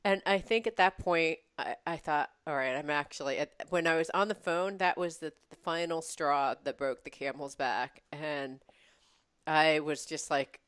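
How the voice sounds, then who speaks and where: A woman co-hosts a casual podcast and tells an animated story, stumbling over restarts and breaking into laughs. Her voice sits low and sounds smooth and clear. The recording is close and dry, with no room sound. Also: unhurried, dry recording. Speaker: podcast co-host. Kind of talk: casual chat.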